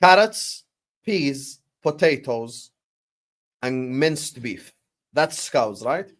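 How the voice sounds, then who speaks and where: A man hosting a football watchalong stream, bantering with chat and breaking into loud bursts when the match heats up. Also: medium pitch, lively intonation, very slow, no echo. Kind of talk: casual live-stream chat with match commentary.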